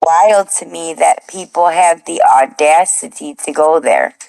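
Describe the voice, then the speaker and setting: A woman taunts and swears in a replayed stream clip, repeating the same phrases again and again. She talks slowly, drawing her words out. The sound is dry and close, with no room around it. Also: deep voice, gravelly, darkish tone, no room sound. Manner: taunting, profane, repeating herself.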